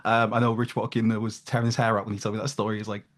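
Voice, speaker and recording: A man's voice: lowish voice, flat delivery, rapid-fire. A man co-hosting a casual podcast chat, with dry, teasing humor. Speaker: podcast co-host.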